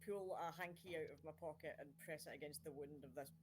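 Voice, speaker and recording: A woman's voice: low voice, fast, darkish tone, slight background noise. A woman playing a tabletop role-playing game, earnestly describing her character's actions. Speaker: player. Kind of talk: casual tabletop play.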